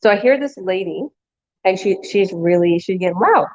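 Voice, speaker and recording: A woman vlogger with a mid-range, animated voice rambles through a long story at a moderate pace, restarting often and acting out what people said. The sound is lo-fi.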